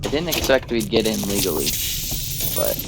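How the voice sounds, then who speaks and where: A man's voice: fairly low pitch, big pitch swings, moderate pace, gravelly, very noisy. An American man chatting casually and rambling with fillers while he streams a video game. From USA. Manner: rambling, hesitant, lots of fillers. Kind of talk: casual chat while playing. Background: loud game music.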